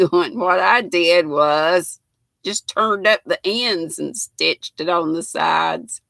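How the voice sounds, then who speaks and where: An older woman with a Southern US accent, a little hoarse, hosting a chatty live stream and reading out viewer comments. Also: mid-range voice, pushed and bright, no echo. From United States. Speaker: host.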